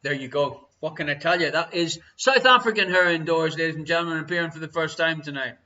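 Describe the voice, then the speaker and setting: A man with an Irish accent hosting a live online quiz, chatty and teasing, reading each question slowly twice. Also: on the high side, pushed and bright. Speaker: quiz host. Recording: dull lo-fi stream audio.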